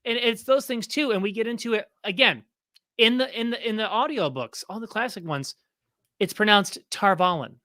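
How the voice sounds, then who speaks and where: Male podcast co-host, bright and forceful, animated storyteller, dry close recording. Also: high voice, normal speed, no room sound. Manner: animated, mimics pronunciations mockingly. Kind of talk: casual chat.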